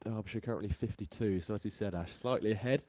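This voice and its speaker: A man from England doing live ball-by-ball cricket commentary, chatty and quick to laugh between deliveries. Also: lowish voice, dark tone, no room sound.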